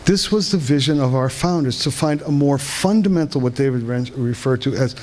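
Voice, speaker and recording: A man giving a live lecture to an audience at a conference in a hall, halting and restarting often as he asks the room questions. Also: medium pitch, darkish tone. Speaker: conference speaker. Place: veterans hall, indoors.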